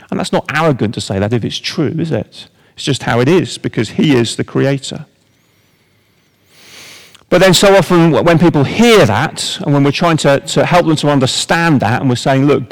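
A male preacher speaking in a middle-pitched voice to a congregation, posing wry rhetorical questions in an easy, conversational tone. His voice carries a long reverb from a large church hall. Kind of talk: sermon.

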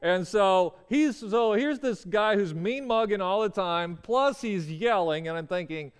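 Male storyteller, resonant voice, halting delivery full of restarts, recorded with a long reverb tail. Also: sits high, expressive, clean tone. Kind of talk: personal storytelling.

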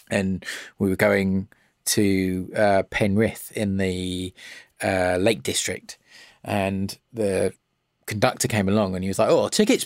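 Low-voiced man, rambling and sweary. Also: dry recording, clean studio sound. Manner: rambling, swears freely, enthusiastic about words. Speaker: podcast guest, electronic music producer. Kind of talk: casual podcast chat.

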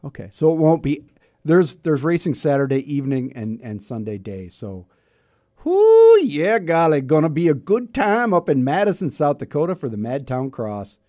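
Chatty middle-aged radio host, mellow voice. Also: male voice, a little high, expressive, moderate pace, no room sound, clean studio sound. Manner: chatty, self-mocking, rambling with restarts. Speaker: radio talk show host. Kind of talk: casual radio talk. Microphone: studio mic.

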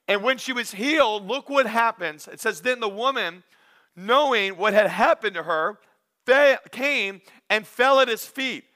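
Male pastor, sermon delivery, high-pitched and bright, lively with comic asides. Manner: animated preaching with acted-out asides and humor.

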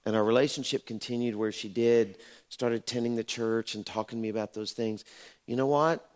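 A man's voice: medium pitch, fairly even intonation, normal speed. A middle-aged man preaching a sermon in a church, telling stories conversationally and building to emphatic exhortation. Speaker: pastor. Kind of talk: sermon with storytelling.

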